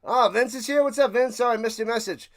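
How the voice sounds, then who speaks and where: A man hosting a live football reaction stream, ranting sarcastically and calling plays, swinging between muttering and loud outbursts. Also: very high-pitched, fast talker. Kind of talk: live sports reaction and play-by-play.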